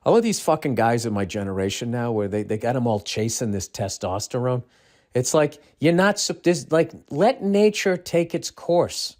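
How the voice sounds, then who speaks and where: A man's voice: mid-range voice, animated, moderate pace, a little mellow. A man in his fifties ranting alone as podcast host, a rambling storyteller who swears constantly and sounds exasperated and incredulous. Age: 50s. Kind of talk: casual solo ranting monologue.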